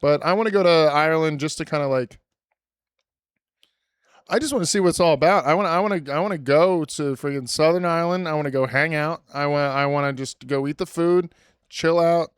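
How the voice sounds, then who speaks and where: A man's voice: fairly high pitch, brisk, clear, resonant tone, no room sound, clean studio sound. A young man hosting a podcast, chatting casually and rambling with lots of restarts. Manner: rambling, self-deprecating, with many restarts. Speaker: podcast host. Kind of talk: casual chat.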